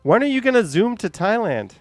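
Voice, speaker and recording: A man's voice: sits high, very animated, fairly quick, no echo, soft background music. A man hosting a live stream, chatting with callers, laughing often and reading chat messages aloud.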